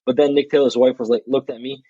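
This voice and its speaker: This is a young man, a college athlete guest in a casual interview, telling a story with blunt frankness, plenty of swearing, and frequent sentence restarts. His warm, mid-range voice shows little pitch movement and moves fast. The dull, dry recording has no echo.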